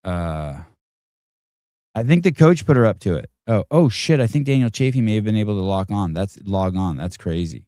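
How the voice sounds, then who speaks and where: A man with a fairly low voice hosts a casual live stream. He rambles, jokes and swears freely. The sound is dry and close to the mic. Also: animated, normal speed, dark tone, no echo. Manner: rambling, profane, joking. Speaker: podcast host.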